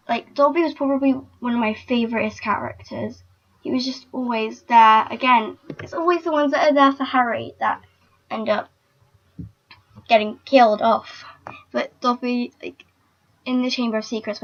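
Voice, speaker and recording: Young woman, chatty fan vlog, slightly high voice, dull lo-fi recording. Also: fairly bright tone. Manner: chatty, emotional, many fillers. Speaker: vlogger.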